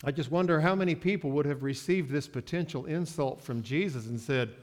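A man preaching a sermon, moving from quiet asides to loud, drawn-out declarations. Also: fairly high pitch. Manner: slow, emphatic preaching with sports metaphors; swings from soft asides to loud, stretched-out declarations. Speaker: pastor.

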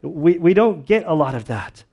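A man's voice: on the high side, expressive, normal speed, muffled recording. A man preaching a sermon in a casual, conversational way, telling stories with lots of fillers and restarts. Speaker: pastor.

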